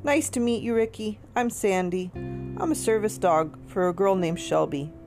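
A woman reading aloud, voicing a gentle, polite female service dog who speaks earnestly. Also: medium pitch, normal speed, natural voice. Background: soft guitar music.

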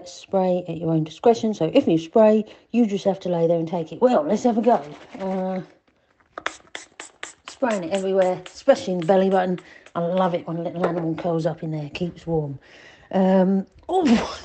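A woman's voice: lowish voice, dark tone, lo-fi sound. A woman putting on a crude, cocky male reviewer persona in a comedy sketch clip, with a bawdy, boastful, hammy delivery.

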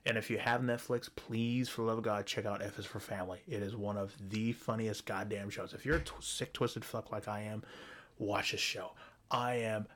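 A man's voice: lowish voice, level tone, moderate pace, fairly bright tone, a little hiss or hum. A man hosting a solo show, ranting bluntly and profanely, often restarting his sentences. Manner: frequent restarts and stumbles. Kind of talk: solo opinion rant.

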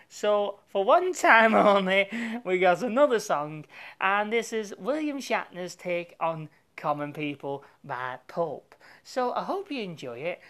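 A woman's voice: fairly low pitch, fairly bright tone. A woman hosting a casual local radio show. She rambles through song links and plugs, making jokes and leaning on lots of fillers. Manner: rambling and jokey, with many fillers. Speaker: radio host. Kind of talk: chatty local radio presenting.

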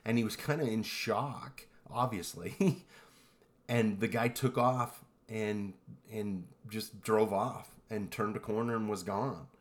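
A man co-hosting a podcast, telling eerie stories in a relaxed, rambling way with lots of fillers. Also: on the low side, slow pace. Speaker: podcast co-host. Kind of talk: casual storytelling chat.

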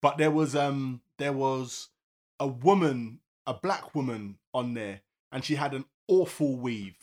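A man's voice: medium pitch, measured pace. A man co-hosting a podcast, chatting casually in slang and often repeating himself. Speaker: podcast co-host. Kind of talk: casual banter.

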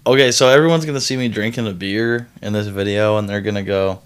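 A man's voice: fairly low pitch, fast talker, clean tone. A man co-hosting a casual podcast, joking around in a laid-back way. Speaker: podcast co-host. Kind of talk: casual chat.

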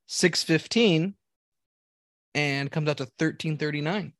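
A man's voice: a little high, a little slow, a bit bright, no echo, studio quality. A man telling a story in casual chat, rambling and profane, restarting his sentences often.

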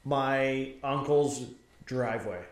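A man's voice: mid-range voice, slow pace, reverberant, far from the mic. A man co-hosting a casual beer-tasting chat, rambling and joking with plenty of fillers. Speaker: co-host.

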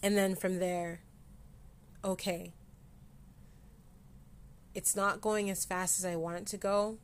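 A woman hosting a personal podcast, talking candidly and with self-deprecating humor, often halting with fillers and restarts, close to tears at times. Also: mid-range voice, flat delivery. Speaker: podcast host. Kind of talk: personal mental health podcast.

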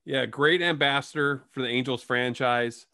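A man's voice: medium pitch, moderate pace, pushed and bright, no room sound. Male sports talk host, dry studio sound, stat-heavy delivery. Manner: reads stats, asks questions.

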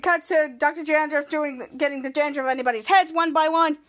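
A woman's voice: sits high, steady tone, fairly quick, a bit bright. A woman hosting a podcast, casually recapping a TV episode scene by scene, rambling with frequent restarts. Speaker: podcast host.

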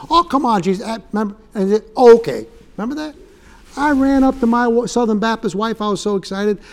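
A man's voice: very high voice, lively intonation, brisk. A man giving a storytelling sermon as a guest preacher, joking and acting out quoted dialogue in different voices. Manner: humorous, acts out quoted dialogue.

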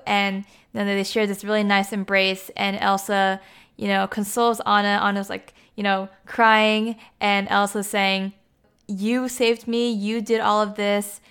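A woman's voice: mid-range voice, fairly bright tone, clean tone. A woman giving a casual, chatty recap, with lots of "like" and "you know" as she talks.

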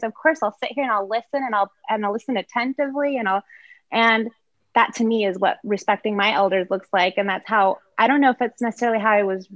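A woman in casual group conversation, explaining her views in a thoughtful, measured way. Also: a little high, no room sound, dull audio.

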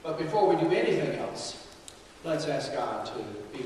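A male pastor with a slightly raised voice delivers an earnest sermon, pausing often with fillers. His voice rings out through a large, echoey hall, picked up from some distance, with faint room ambience behind him. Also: fairly high pitch, big pitch swings, a little mellow, slight background noise. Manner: earnest, prayerful, halting with fillers. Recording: echoey hall, mic from far off.

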